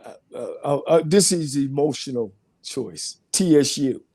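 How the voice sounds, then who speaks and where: Mellow-voiced coach answering in short bursts. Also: male voice, mid-range voice, animated. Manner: short answers, halting with fillers. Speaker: coach, sports guest. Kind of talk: casual sports talk radio.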